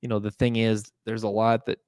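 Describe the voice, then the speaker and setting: A man's voice: lowish voice, level tone, a little fast, a little mellow, no room sound. A young man hosting a podcast, talking in a casual, rambling monologue full of fillers and restarts. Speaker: podcast host.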